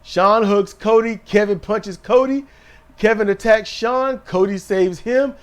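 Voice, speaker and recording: A man with a high, light voice talks over a wrestling show with his co-host. He retells each moment with lively energy and jumps into quick impressions of the wrestlers. He is relaxed and chatty, with the easy style of a fan podcast. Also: clean tone. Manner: animated storytelling, mimics wrestlers in quotes. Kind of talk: casual wrestling recap chat.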